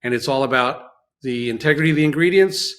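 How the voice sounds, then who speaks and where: A man's voice: mid-range voice, fast talker. Storytelling chef man, New York raised. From New York area. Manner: storytelling, animated, acts out quotes. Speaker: chef guest. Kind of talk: casual chat.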